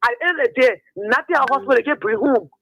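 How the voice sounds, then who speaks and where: A man's voice: extremely high pitch, lively intonation, very fast, bright, forceful tone, poor audio. A man with a Liberian English accent calling a radio show to complain, insistent and repetitive. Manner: insistent, repeats himself. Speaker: caller. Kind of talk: call-in complaint. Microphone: phone.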